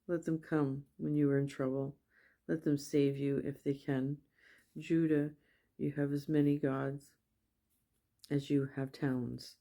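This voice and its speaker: A woman reading scripture aloud at a steady pace, with small slips and self-corrections. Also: low voice, a little slow. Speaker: Bible reader.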